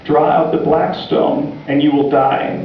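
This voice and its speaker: A preacher putting on a calm, scheming rebel leader. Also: male voice, fairly high pitch, measured pace, slight background noise, close to an everyday voice. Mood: menacing. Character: scheming male rebel leader, cold and calculating. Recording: distant, echoey, dull church recording.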